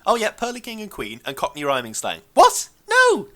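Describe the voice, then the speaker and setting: Guy co-hosting a podcast, bright sharp voice, ranting all over the place. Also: fairly high pitch, fast talker. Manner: animated, ranting indignation. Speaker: podcast co-host. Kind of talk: casual chat.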